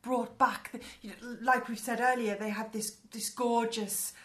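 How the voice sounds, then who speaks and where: A woman's voice: on the high side, fairly even intonation, measured pace, fairly bright tone. A woman co-hosting a chatty podcast, explaining history loosely with fillers and restarts. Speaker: podcast co-host. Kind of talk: casual chat.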